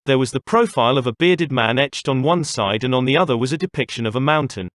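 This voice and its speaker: A man narrating an audiobook in a steady storytelling voice. His pitch is middling, and the recording is dry and close. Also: fast talker, hardly any pauses, dry recording. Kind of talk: scripted narration.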